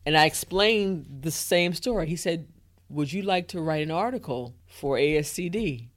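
Animated woman telling a story. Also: sits low, normal speed. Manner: lively, acts out inner thoughts and quotes. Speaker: interview guest, educator.

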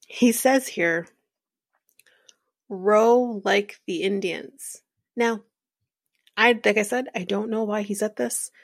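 A woman hosting a podcast, casually recapping a reality show in a chatty, rambling way with fillers and soft laughs. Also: mid-range voice, vocal fry, no room sound, studio quality. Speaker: podcast host.

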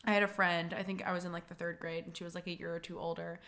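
A woman chatting casually on a podcast, fast and loose, full of "like" and quick laughs. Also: lowish voice, level tone, a bit bright. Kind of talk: casual chat.

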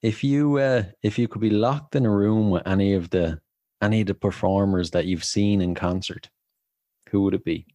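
A man's voice: fairly low pitch, normal speed, mellow, no room sound. A man hosting a casual interview chat, asking questions and laughing often at his guest's stories. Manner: laughs often, short reactions. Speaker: podcast host.

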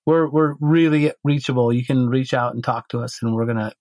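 A man's voice: medium pitch, a little fast, a little mellow, no room sound. A man co-hosting a podcast, telling a long story in a casual, rambling way with many restarts and fillers. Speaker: podcast co-host.

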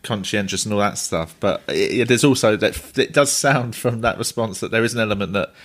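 A man's voice: fairly low pitch, fairly quick, fairly bright tone. A man hosting a podcast, talking in a thoughtful, agreeable way. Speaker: podcast host. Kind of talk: podcast conversation.

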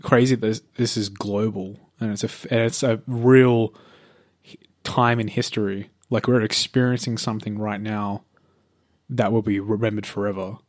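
A man's voice: on the low side, steady tone, moderate pace, a little mellow, no echo, clean studio sound. A young man co-hosting a podcast, laid-back and joking, often giving short replies. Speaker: podcast co-host. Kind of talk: casual podcast chat.

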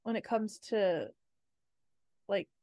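A woman with a mid-range voice joins casual podcast movie chat. She mostly agrees with the others and speaks with small halting restarts. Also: mid-range voice, expressive, warm tone, no room sound. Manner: agreeable, chatty, halting starts. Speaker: podcast co-host.

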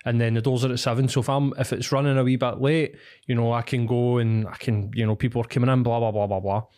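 A man with a Glasgow accent, co-hosting a podcast in casual, sweary, animated banter. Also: mid-range voice, fast. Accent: Scottish, Glasgow. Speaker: podcast co-host.

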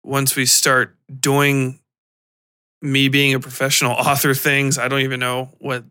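A man's voice: medium pitch, completely flat delivery, measured pace, bright, forceful tone, clean tone, dry recording, studio quality. A man hosting his own podcast, chatting off the cuff with fillers and small laughs. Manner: rambling, with fillers and self-conscious laughs. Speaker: podcast host and author.

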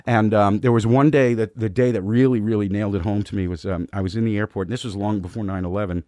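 A comedian guest in casual interview talk, rambling and candid, laughing at himself, recorded in a garage studio. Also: male voice, on the low side, steady tone, fast talker, darkish tone, dry recording.

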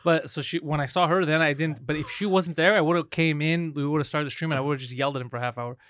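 A man co-hosting a podcast, telling a story in rough, animated banter and acting out the people in it. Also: on the high side, quick pace. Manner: rants animatedly, acts out quoted exchanges. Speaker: podcast co-host.

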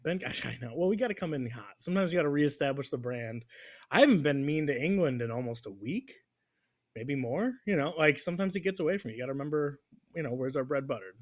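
A man's voice: fairly high pitch, animated, quick pace. An American man hosting a podcast, chatting casually and teasing his co-host in playful banter. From United States. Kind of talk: casual chat.

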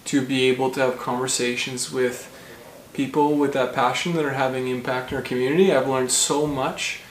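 Earnest podcast host in echoey room. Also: male voice, medium pitch, fairly even intonation, moderate pace. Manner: earnest, with many fillers. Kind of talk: casual podcast talk. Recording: echoey room with faint noise.

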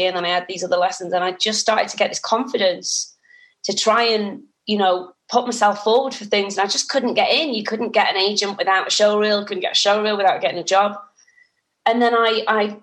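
A middle-aged woman, telling her story as an interview guest in an animated, chatty way. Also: mid-range voice. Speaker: actress guest.

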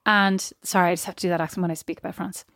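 A woman chatting casually as a podcast co-host, frank and opinionated in quick banter. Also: fairly low pitch, level tone, darkish tone, dry recording, studio quality. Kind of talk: casual chat.

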